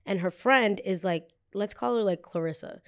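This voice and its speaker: A woman's voice: mid-range voice, normal speed. A woman in her twenties hosting a podcast, telling a story casually and acting out what others said in raised voices. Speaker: podcast host.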